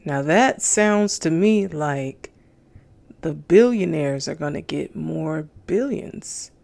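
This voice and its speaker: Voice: medium pitch, animated, slow pace, vocal fry, darkish tone. A reaction video host chatting casually about a clip and asking viewers questions.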